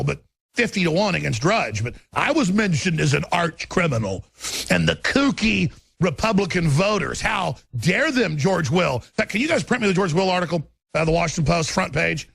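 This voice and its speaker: A man's voice: fairly high pitch, creaky, fairly bright tone, breathy edge, no room sound. A middle-aged man, hosting a political talk radio show in an intense, ranting, emphatic way. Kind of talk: political commentary broadcast.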